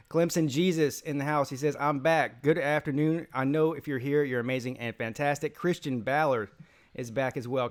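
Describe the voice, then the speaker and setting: Male stream host, tired, casual and rambling, mid-range voice. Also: medium pitch. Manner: rambling, loose, reads chat names aloud. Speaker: call-in show host. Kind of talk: casual live-stream talk.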